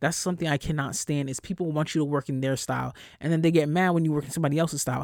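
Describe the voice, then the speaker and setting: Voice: rapid-fire, no echo. Exasperated, profane podcast host in a dry room. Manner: profane, exasperated, animated storytelling; slips into mocking high voices for quotes. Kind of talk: casual solo rant.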